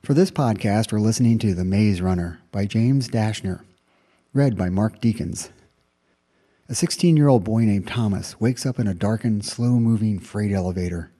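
A man hosts an audiobook review podcast, reading a scripted summary in a measured, informative way. His voice is very dark and mellow, pitched on the low side.

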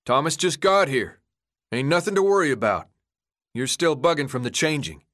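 A man voicing a calm, steady teenage leader who speaks firmly with slangy phrasing. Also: fairly high pitch, moderate pace, voice pushed up. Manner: calm, firm, slangy drawl.

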